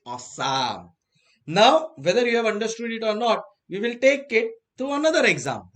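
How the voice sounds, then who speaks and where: A man's voice: high-pitched, very animated, normal speed, fairly bright tone. A man with an Indian accent giving a classroom lecture on finance, quizzing the class and repeating key phrases. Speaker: finance teacher.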